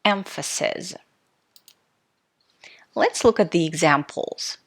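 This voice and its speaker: Slow, deliberate woman teaching grammar. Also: fairly low pitch, fairly bright tone. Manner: clear, deliberate teaching voice, stressing key words in examples. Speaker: English teacher. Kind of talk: recorded grammar lesson.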